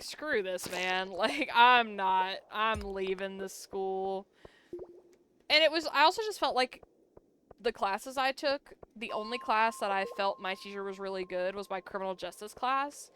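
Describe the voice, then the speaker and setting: A woman's voice: mid-range voice, fairly bright tone, slight background noise. A young woman streaming a farming game, chatting casually and telling stories about college with lots of "like". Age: young adult. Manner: chatty, says "like" a lot, yawns between stories. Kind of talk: casual storytelling while gaming.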